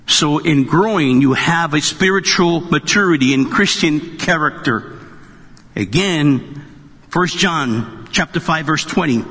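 A man's voice: a little high, lively intonation, a little slow, sharp tone, breathy edge. A man pastor preaching a sermon to a congregation, joking and conversational as he goes. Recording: long reverb of a large hall.

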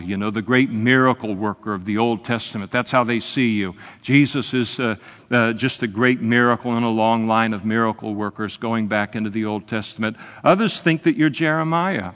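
A man preaching an evening sermon in an earnest, conversational way, often pausing with hesitations. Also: medium pitch, fairly bright tone, in a large hall. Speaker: pastor. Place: church service, evening.

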